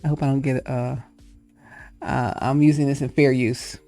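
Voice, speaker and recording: A woman's voice: a bass voice, level tone, normal speed, warm tone, faint music behind. A woman hosting her own video, chatting casually and thinking aloud, laughing often. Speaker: host. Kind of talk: casual chat.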